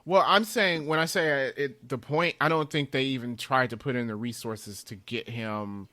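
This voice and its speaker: Bright, animated podcast host man. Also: medium pitch, normal speed, dry recording. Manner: laughs often, animated retelling. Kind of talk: casual movie chat.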